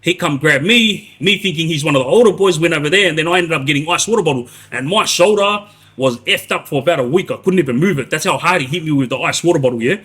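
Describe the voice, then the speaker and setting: Husky man telling a story. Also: fairly high pitch, a bit bright. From Australia. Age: 40s. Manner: rambling, many restarts and tag questions like "yeah?". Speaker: livestreamer telling prison stories. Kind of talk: casual storytelling on a live stream.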